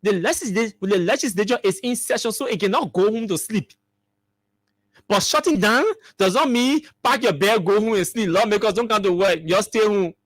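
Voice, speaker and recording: A man's voice: sits high, moderate pace, a bit bright, no room sound, clean studio sound. A man with a Liberian English accent hosts a talk show, giving emphatic political commentary full of repeated rhetorical questions.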